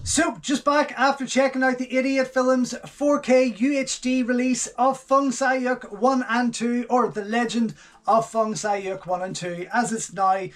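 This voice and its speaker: A man with a fairly high voice hosts a casual unboxing, talking through each item as he handles it. He gushes with enthusiasm and keeps coming back to the same few words of praise. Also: flat delivery, unhurried. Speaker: channel host reviewing home video releases.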